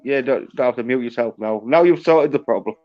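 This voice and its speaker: Speaking briskly in a mid-range voice, a man chats casually over a livestream call, blunt and swearing freely. The call audio sounds dull and lo-fi.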